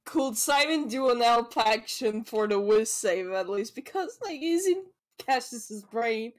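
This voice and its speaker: A woman's voice: a little high, lively intonation, a little slow. A woman playing a tabletop game, making wry, amused remarks. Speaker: player. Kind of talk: casual tabletop game chat.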